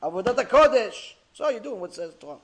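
Man, rabbi type, high voice, animated lecture storyteller. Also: quick pace. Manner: animated storyteller, acting out characters, swings from loud to hushed. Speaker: rabbi teaching a class. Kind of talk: sermon.

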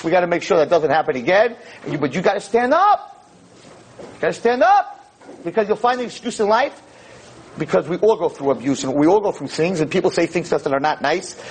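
Impassioned husky-voiced rabbi lecturing. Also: male voice, high voice, poor audio. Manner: emphatic, impassioned, rising to near-shouts; peppers speech with Hebrew and Yiddish terms. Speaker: rabbi and teacher. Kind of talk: animated Torah lecture.

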